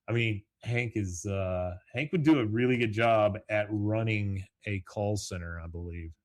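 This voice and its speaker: A man's voice: lowish voice, unhurried, hardly any pauses. A man hosting a podcast alone, casually recapping an episode and acting out the characters' lines with laughs. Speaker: podcast host. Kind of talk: casual solo recap with quoted voices.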